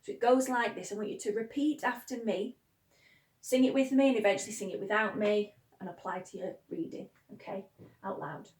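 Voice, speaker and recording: A woman's voice: medium pitch, fairly even intonation, fairly quick, a little mellow, distant mic. A woman teaching pronunciation in a chatty way, leading the class in repeated sing-song chants. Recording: echoey room.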